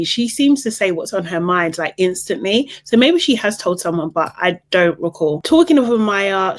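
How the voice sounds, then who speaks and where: An animated woman giving a casual reality TV recap in an opinionated, exasperated way. Her voice sits at an ordinary middle pitch but shoots up high whenever she finds something unbelievable. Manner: voice jumps high when incredulous.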